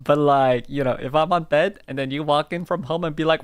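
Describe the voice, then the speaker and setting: A man's voice: on the high side, brisk, clear, resonant tone, no room sound, studio quality. Playful rambling male streamer. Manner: playful, rambling, many fillers and restarts. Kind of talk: casual livestream chat.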